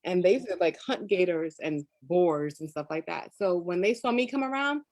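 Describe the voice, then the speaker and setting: A woman's voice: fairly low pitch, lively intonation, moderate pace, darkish tone, no room sound. A woman guest chatting casually in an interview, telling stories and laughing often. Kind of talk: casual chat. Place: lives in Florida.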